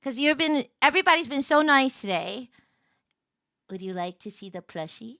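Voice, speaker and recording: Excitable high-voiced woman streamer. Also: moderate pace, gravelly, no echo, clean studio sound. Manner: excitable, gushing, thanks viewers effusively. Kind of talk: casual live-stream chat.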